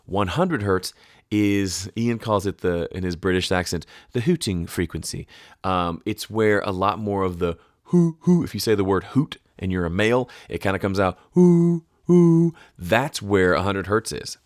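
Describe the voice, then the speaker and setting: Male tutor, deep voice, dry close sound; chatty home-studio mixing walkthrough, self-correcting asides. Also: normal speed, no echo. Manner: chatty, self-correcting, explains with sung hoots. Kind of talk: casual screen-share tutorial.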